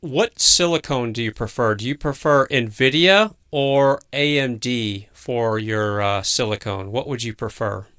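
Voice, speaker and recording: Male livestream host, casual, curious and halting; bright, crisp tone. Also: medium pitch. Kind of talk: casual live chat.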